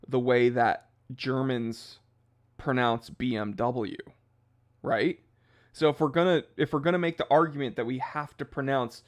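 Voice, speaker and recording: Chatty American man hosting a livestream. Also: medium pitch. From United States. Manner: chatty and animated, jumps into goofy impressions of people. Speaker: watch channel host reading live chat. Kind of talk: casual livestream chat.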